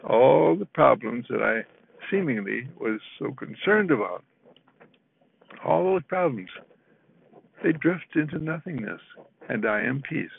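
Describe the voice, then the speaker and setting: Male spiritual counselor, unhurried, gravelly and husky, tinny lo-fi sound. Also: medium pitch, a little hiss or hum. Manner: slow, soothing, repeats affirmations, chuckles often. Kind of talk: inspirational talk. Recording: tinny phone-like recording.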